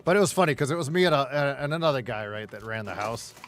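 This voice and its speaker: Faint music sits behind a fast-talking, animated middle-aged streamer whose mid-range voice is a bit bright. He casually tells stories as he games, laughing often and swearing heavily in a blunt way.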